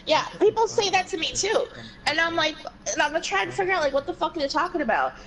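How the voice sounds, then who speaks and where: High-voiced blunt woman gamer. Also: lively intonation, fast talker, a bit bright, slight background noise, low-quality recording. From New Jersey, USA. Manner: blunt, swears freely. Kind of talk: casual chat while gaming.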